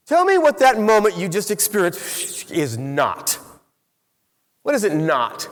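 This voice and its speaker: A middle-aged man giving a motivational keynote speech to a live audience in a large hall, telling an animated story and quizzing the crowd. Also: sits high, measured pace. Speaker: keynote speaker. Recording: long hall reverb.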